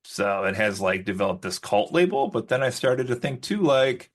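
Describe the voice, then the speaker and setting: A man co-hosts a podcast, chatting casually and rambling with lots of "likes" and restarts. He's very animated, keeps a moderate pace with few pauses, and his voice rises high when he mimics other people.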